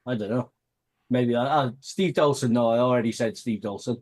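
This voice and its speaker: A man's voice: medium pitch, normal speed, a little mellow. A man from Wales co-hosting a casual chat, hesitant and stumbling, chuckling between words. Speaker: co-host.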